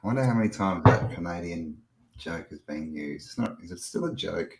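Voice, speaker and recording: A man's voice: low voice, lively intonation, brisk, slight background noise, poor audio. A man with an Australian accent hosting a livestream in casual chat, joking and laughing often. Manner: joking, laughs often, reads out viewer names. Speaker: livestream host.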